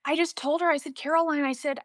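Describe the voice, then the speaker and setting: A young woman from Central Illinois, a journalist, telling animated, emotional stories as an interview guest. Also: sits high, quick pace, no echo, clean studio sound. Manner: emotional, animated storytelling with quoted dialogue. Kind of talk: storytelling in a casual interview.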